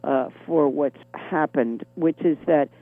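Woman, middle-aged, deep gravelly voice, chronic cough, wry rambling comic, phone line sound. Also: slow, no echo. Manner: wry, rambling, self-deprecating. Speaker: comedian guest. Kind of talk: phone interview chat.

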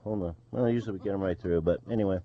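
A man hosting a college radio show, speaking in a casual, halting way with many fillers. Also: low voice, dull audio.

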